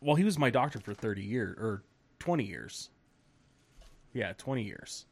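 A man on a casual podcast telling a long story, animated and swearing, laughing as he acts out the people in it. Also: lowish voice, moderate pace, creaky, husky. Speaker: podcast host.

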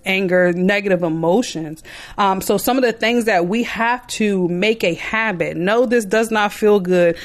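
Earnest woman advising fellow parents. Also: medium pitch. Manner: earnest, emphatic, conversational. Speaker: parent giving advice. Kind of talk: motivational talk to parents.

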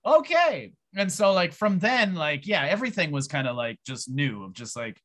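Bright-voiced man telling a rambling story. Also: fairly high pitch, moderate pace. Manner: profane, rambling, animated retelling. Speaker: podcast guest, pro wrestler. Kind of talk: casual storytelling.

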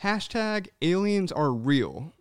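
Man, podcast co-host, lively swooping voice, fairly high, dry close sound, casual and profane. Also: takes it slowly, smooth, no echo. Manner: animated, swearing, says "man" often; acts out voices of people in his stories.

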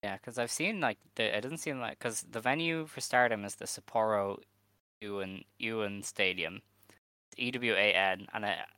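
Chatty Dublin man, bright and smooth. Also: lowish voice, moderate pace, no room sound. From Ireland. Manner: chatty, laughs easily, loose and joking. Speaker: podcast co-host. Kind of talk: casual chat.

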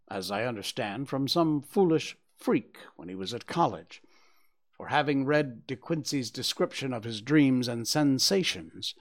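A man narrating a classic detective story as an audiobook, measured and sombre, dropping low at the ends of phrases.

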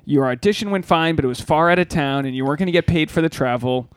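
A man co-hosting a relaxed podcast, with a voice a bit higher than most men. He rambles through his stories and swears freely. The sound is close and dry, with no room echo. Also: quick pace, clear, resonant tone. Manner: rambling, profane storytelling. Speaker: podcast co-host. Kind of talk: casual podcast chat.

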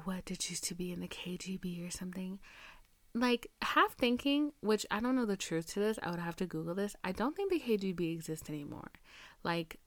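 A woman's voice: lowish voice, dry recording. A young woman hosting a podcast, telling a dating story in a casual, profane, chatty way and acting out both sides of the conversation. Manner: chatty, profane, reenacts dialogue with quoted voices. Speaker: podcast host.

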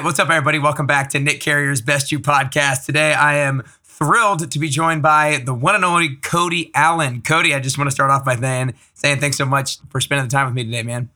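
A man's voice: a little high, pushed and bright. A man hosting a podcast, upbeat and enthusiastic as he introduces and interviews his guest. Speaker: podcast host.

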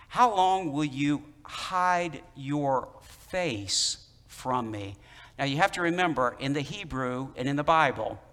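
A man's voice: mid-range voice, pushed and bright. A man in the role of pastor preaching a sermon in a conversational, emphatic way, repeating key phrases. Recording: long hall reverb.

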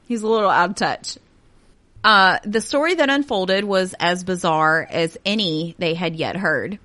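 A woman's voice: lowish voice, fairly bright tone. A woman in her thirties hosting a casual true-crime podcast, reading notes aloud with sarcastic asides and frequent laughter. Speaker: podcast host.

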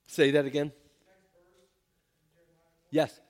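A man's voice: on the high side, little pitch movement, drawn-out words. A man teaching scripture to a group, emphatic, often asking them questions. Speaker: pastor or Bible teacher. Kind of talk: interactive Bible teaching.

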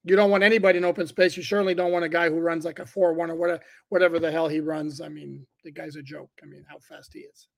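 A man's voice: on the high side, level tone, quick pace, creaky. A man co-hosting a casual sports podcast, breaking down plays with dry, teasing humor. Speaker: podcast co-host.

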